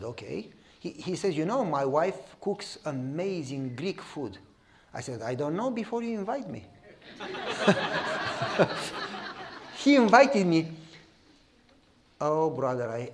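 A pastor with a Romanian accent preaches in a sermon, his pitch swooping up and down as he acts out conversations. He often checks in with the congregation, asking if they follow him. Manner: animated, repeats "You follow me?". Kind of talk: sermon storytelling.

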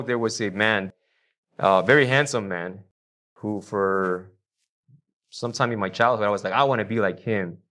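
A man preaching a sermon to a congregation, with emphatic swings between loud declarations and quiet low lines, and questions put to the listeners. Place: church before a congregation.

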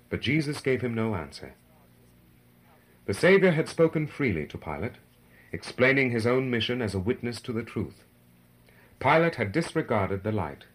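Low-voiced guy reading a devotional story, solemn and dramatic, voice swings up and down a lot. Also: rough recording. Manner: solemn, dramatic reading that swells for quoted cries. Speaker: narrator. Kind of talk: scripted narration of a devotional book.

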